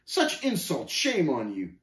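Brief: man doing a sneering, scornful villain, raised pitch, roomy echo. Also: wildly swooping pitch, measured pace, a bit bright, exaggerated voice. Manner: sneering, growling, stammering scorn. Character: sneering scornful male villain Shame, bony, bitter.

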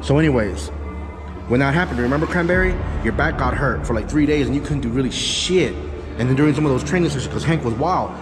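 Profane Texan dog trainer, reverby music. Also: male voice, mid-range voice, expressive, fast. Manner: loose, profane, talks to dogs and a helper. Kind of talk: casual vlog talk while training dogs.

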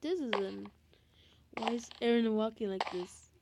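Slow-talking giggly woman gamer. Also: a little high, gravelly, very noisy. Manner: giggly and flustered, many fillers. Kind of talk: gameplay commentary.

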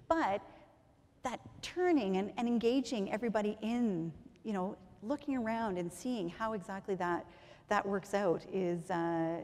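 A woman giving a chatty conference talk on physiotherapy, sometimes acting out what patients say. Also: on the high side. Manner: lively, chatty, acts out patient quotes. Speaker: physiotherapist presenter. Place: large conference hall. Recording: long hall reverb.

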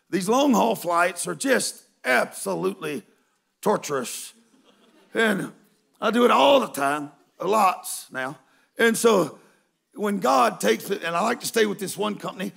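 A man preaching a humorous storytelling sermon to a live congregation in a large church, folksy and emphatic, breaking into shouts. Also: high-pitched, vocal fry, slightly rough. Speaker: guest preacher.

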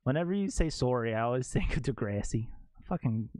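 Joking streamer, lively voice. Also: male voice, mid-range voice, brisk, faint music behind. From Canada. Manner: joking, crude, reads chat aloud. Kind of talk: casual gaming stream chat.

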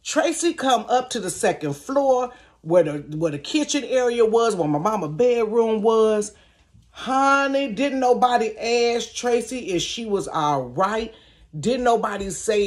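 Animated woman telling a storytime. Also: fairly high pitch, a little slow. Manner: animated, laughing, addresses viewers as y'all and honey. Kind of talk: casual storytime. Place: her bedroom.

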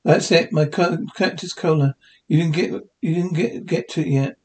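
A blustering, hot-tempered stone-age husband from a cartoon, bossy and huffy, as a man puts him on. The voice sits high for a man. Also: steady tone, moderate pace, a little mellow, lightly acted. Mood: angry. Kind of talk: cartoon voice recreation.

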